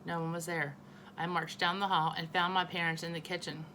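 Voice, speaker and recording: Bright-voiced woman reading a storybook aloud. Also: lowish voice, fairly quick, slight background noise, rough recording. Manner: expressive, with small slips she corrects. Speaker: teacher. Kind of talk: reading a children's novel aloud.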